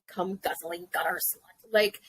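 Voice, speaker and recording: A woman's voice: fairly low pitch, steady tone, a little slow, breathy edge, no echo, poor audio. A woman in her thirties hosting a casual podcast chat, bubbly and giggly, swearing playfully. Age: 30s. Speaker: podcast host.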